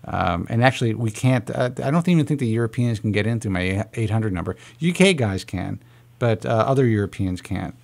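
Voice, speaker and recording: A man's voice: on the low side, lively intonation, fairly quick, vocal fry. A man hosting a radio call-in show, rambling and joking with callers in casual chat.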